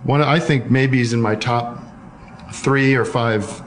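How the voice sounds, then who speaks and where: A man's voice: medium pitch, fairly even intonation, slow, slight background noise. A man hosting a casual call-in show, rambling and joking with many fillers and restarts. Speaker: host taking listener calls.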